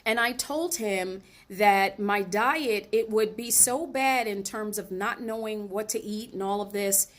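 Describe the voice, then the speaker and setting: A woman speaking as host of her own show, relaxed and conversational as she tells a personal story. Her delivery is animated and chatty, and she talks straight to her viewers. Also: mid-range voice, unhurried, few pauses. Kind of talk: casual personal storytelling monologue.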